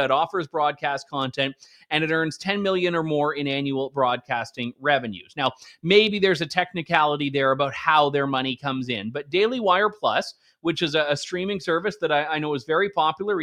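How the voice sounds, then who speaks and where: A man's voice: high voice, bright, forceful tone. A man hosting a political commentary show, delivering a sarcastic, conversational opinion monologue with emphatic asides. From Canada.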